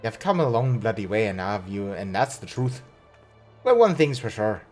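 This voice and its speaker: A gruff, hearty tavern keeper with a thick, rolling brogue, as a man puts him on. He booms his lines with hammy flourish, like a rough old sea dog holding court over a game quest. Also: sing-song, normal speed, a little mellow, faint music behind. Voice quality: thick put-on Glasgow-style brogue. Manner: reads game dialogue aloud with hammy flourish.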